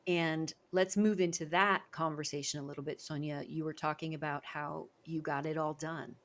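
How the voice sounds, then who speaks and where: Woman, podcast host, speaking coach, low voice, effusive, praising. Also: fairly even intonation, moderate pace. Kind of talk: interview conversation.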